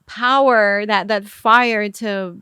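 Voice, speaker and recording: A woman's voice: mid-range voice, fairly even intonation, bright, forceful tone, clean tone, no echo, clean studio sound. A woman from Armenia, a guest on a podcast, speaking earnestly and emphatically in casual conversation. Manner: earnest and emphatic, quick affirmations. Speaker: podcast guest, music video director.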